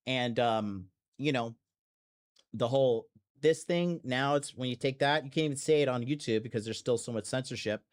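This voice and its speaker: A man's voice: medium pitch, normal speed. A man hosting a podcast in a blunt, profane, rambling monologue full of fillers and restarts. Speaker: podcast host. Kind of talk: casual monologue.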